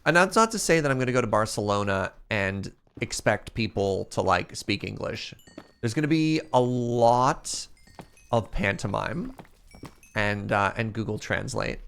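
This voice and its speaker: A man's voice: on the low side, expressive, unhurried, gravelly, a bit bright, clear, resonant tone. A Canadian man from the prairies, streaming a game and chatting casually and playfully with his viewers, often joking at his own expense. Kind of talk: casual chat while playing a game.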